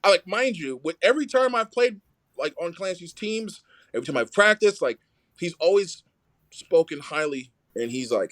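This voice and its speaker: A young adult man telling a story in casual conversation, animated and full of "like" fillers, acting out the quoted dialogue. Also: on the high side, moderate pace. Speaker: rugby player, podcast guest.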